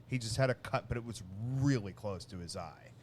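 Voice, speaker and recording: A man co-hosting a casual podcast, telling a long family story with many restarts and lively acted-out bits. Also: fairly low pitch, brisk, slight background noise. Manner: rambling, restarts often, animated when telling a story. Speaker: podcast co-host.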